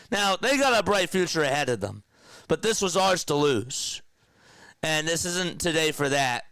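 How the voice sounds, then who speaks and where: A man chatting casually on a live sports stream, excited and rambling like an emotional fan. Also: fairly high pitch, clear, resonant tone, dry recording, studio quality.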